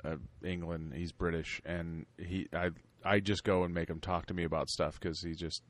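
A man co-hosting a podcast in casual chat, talking hesitantly with lots of restarts and often trailing off quietly. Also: deep voice, level tone, normal speed. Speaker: podcast co-host.

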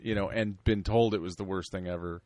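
A man co-hosting a podcast in casual chat, talking hesitantly with lots of restarts and often trailing off quietly. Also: sits low, fairly even intonation, fairly quick, no room sound. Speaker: podcast co-host.

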